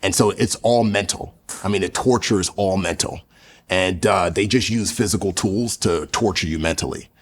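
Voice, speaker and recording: A man's voice: sits low, moderate pace, breathy edge. A man, a podcast guest who went through military training, telling earnest stories casually with many fillers. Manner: earnest, filler-heavy storytelling. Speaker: podcast guest, former Navy SEAL trainee. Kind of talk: casual storytelling.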